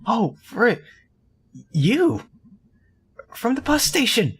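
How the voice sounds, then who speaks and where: A man voicing an excitable young woman cat in a video game, raising his voice high. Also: slow, husky, heavily acted. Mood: startled. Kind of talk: reading game dialogue aloud.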